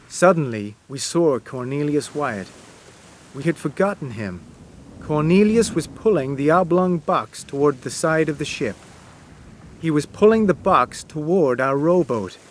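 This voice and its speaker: A man narrates a storybook in a slow, deliberate reading. His voice sits a touch high and moves a lot in pitch, giving the story lively expression. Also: a little hiss or hum. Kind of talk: storybook narration read aloud.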